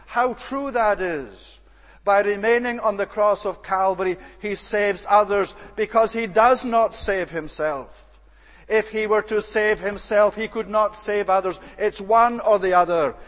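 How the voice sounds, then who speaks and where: A man preaching a sermon in an earnest, emphatic way, repeating his key phrases. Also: high-pitched. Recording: long hall reverb.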